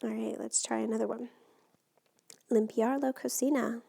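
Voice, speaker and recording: A woman teacher walks through Spanish grammar in a recorded lesson, patient and methodical. Her voice sits a little high and often drops into a gravelly fry. She sounds close to the microphone. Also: fairly even intonation, normal speed, mellow. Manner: patient, step-by-step explaining.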